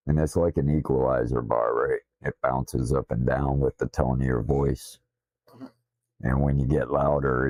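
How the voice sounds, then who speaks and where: A very deep, gravelly man with a Southern drawl rambles bluntly and profanely into his desktop streaming mic. His voice is dark and a little slurred, and the sound is dry and close. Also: no room sound. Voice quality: deep, slightly slurred from missing teeth. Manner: profane, blunt, self-deprecating. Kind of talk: casual rambling stream talk.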